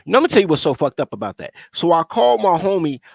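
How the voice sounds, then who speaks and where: High, lively man chatting loud and laughing. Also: very fast, gravelly, no echo, muffled recording. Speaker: co-host. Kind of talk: casual reaction chat.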